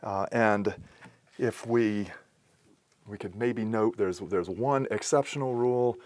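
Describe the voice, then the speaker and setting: A man giving a patient recorded lesson on accenting Greek words, explaining step by step with pauses and restarts. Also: on the low side, a little mellow. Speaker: teacher.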